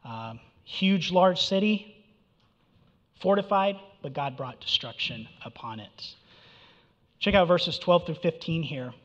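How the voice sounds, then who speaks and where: A man preaching an expository sermon in a conversational, animated way, his voice swinging from loud mock challenges to quiet low remarks. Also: slow. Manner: animated, conversational, mocking voice for quoted prophecy. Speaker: pastor. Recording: dull sound with long hall reverb.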